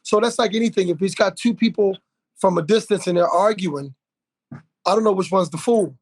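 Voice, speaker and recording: Animated, indignant higher-voiced man. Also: moderate pace. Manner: animated storyteller, indignant, many fillers and restarts. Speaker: podcast conversation partner. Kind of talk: casual podcast conversation.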